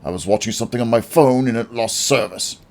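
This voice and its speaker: A man's voice: medium pitch, fast talker, vocal fry, a little mellow, pitched above the performer's own voice, close to an everyday voice. A man voicing a pampered, lazy rich boss in an audiobook, annoyed and demanding. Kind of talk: audiobook character voice.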